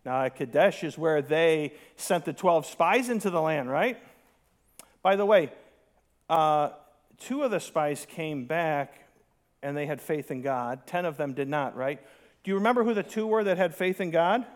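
A man's voice: a little high, animated, unhurried. A man preaching a sermon, reading scripture aloud and adding sarcastic asides, mocking the complainers in a dramatic voice. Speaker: pastor.

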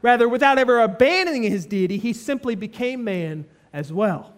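Male preacher, very high voice, earnest expository sermon style. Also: animated, moderate pace. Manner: earnest, emphatic teaching with frequent restatement.

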